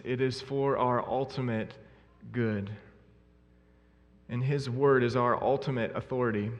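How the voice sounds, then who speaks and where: A man preaching a sermon in an earnest, emphatic way, repeating his key phrases. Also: medium pitch. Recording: long hall reverb.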